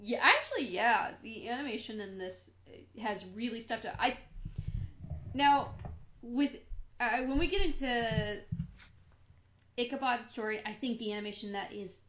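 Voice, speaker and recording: A chatty woman co-hosting a casual film talk. Her voice sits slightly high, and she thinks aloud, restarting sentences as she goes. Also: a little slow, pauses often, a bit bright, a little hiss or hum. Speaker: podcast co-host.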